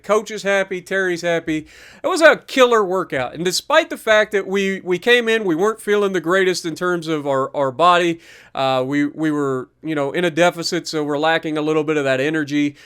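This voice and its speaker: A fitness vlogger narrates his gym workout in a chatty, upbeat voice-over, casually commenting for viewers. His voice is high-pitched, fairly bright and clean in tone.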